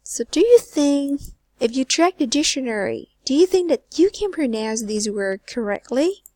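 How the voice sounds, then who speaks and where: With a warm, animated voice that sits high, a woman teaches English in a recorded online lesson without echo. She repeats words slowly and asks learners questions, her phrase ends dropping almost to a whisper.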